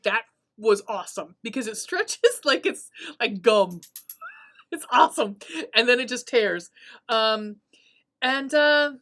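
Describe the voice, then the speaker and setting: Woman podcast host chatting thru a movie recap, swears a lot, laughs a lot, medium pitch. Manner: profane, laughing, animated storytelling.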